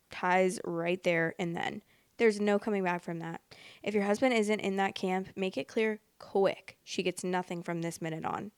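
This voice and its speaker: Expressive young woman podcast host, dry close mic. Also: medium pitch, clean tone, dry recording. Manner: expressive, reads posts aloud then reacts bluntly. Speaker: podcast host reading stories. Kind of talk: casual storytime reading.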